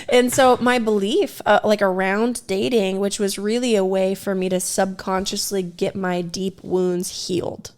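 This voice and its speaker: A woman's voice: medium pitch, flat delivery, a little slow, few pauses. A woman co-hosting a podcast, telling a personal story in a candid, self-deprecating way and laughing often. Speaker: podcast co-host. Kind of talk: casual storytelling.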